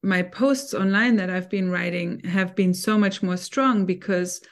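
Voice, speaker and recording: A woman's voice: on the low side, fairly even intonation, measured pace, gravelly. A woman guest on a podcast interview, speaking earnestly and often checking in with the listener. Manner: earnest, keeps checking in with "right?". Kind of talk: conversational interview.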